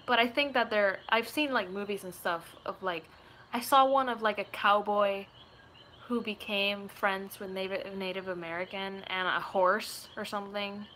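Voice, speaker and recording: A woman's voice: medium pitch, fairly even intonation, moderate pace, a bit bright, slight background noise. A woman, chatting casually and rambling through viewer questions, giggling often. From Puerto Rico. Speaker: gaming YouTuber.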